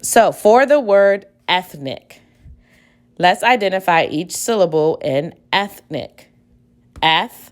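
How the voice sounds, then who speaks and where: A woman teacher giving a spelling dictation lesson, speaking deliberately, repeating each word and spelling it out letter by letter. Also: on the low side, animated.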